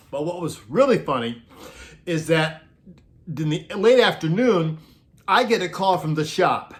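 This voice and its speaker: A middle-aged man telling a casual comedic anecdote about his work, chuckling often and acting out quoted lines in animated voices. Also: fairly high pitch. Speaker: storyteller recounting road crew tales.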